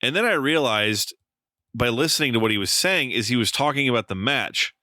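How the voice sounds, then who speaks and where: A man co-hosting a podcast, telling an animated story in casual chat, swearing freely and using lots of fillers. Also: mid-range voice, fairly quick, no echo. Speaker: podcast co-host.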